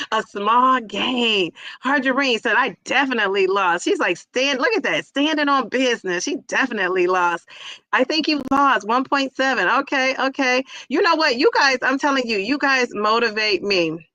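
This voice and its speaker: Bright-voiced woman chatting live. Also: fairly high pitch, lively intonation, normal speed, no echo. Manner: chatty, laughs often, greets viewers warmly by name. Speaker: livestream host reading chat. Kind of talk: casual live chat.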